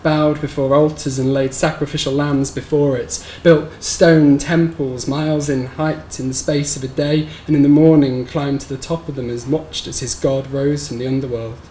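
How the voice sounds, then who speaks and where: A man reading his own short story aloud at a live bookshop event, in a measured, somber storytelling manner. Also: a little high, level tone, warm tone. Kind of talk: live reading of literary fiction. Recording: roomy live recording with faint background noise.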